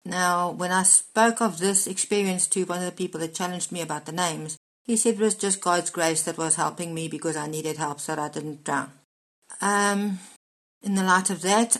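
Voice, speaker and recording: A woman preacher giving a measured, explanatory Bible teaching monologue as part of her daily devotional messages. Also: fairly low pitch, steady tone, a bit bright, low-quality recording. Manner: measured, explanatory, spells out words letter by letter.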